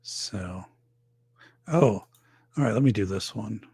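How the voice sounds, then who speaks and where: Gravelly, husky man rambling on a stream. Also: lowish voice, expressive, slow, mellow, no echo. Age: 40s or older. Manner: rambling, loose, lots of fillers. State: losing his voice. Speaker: podcast host. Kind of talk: casual livestream chat. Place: home office.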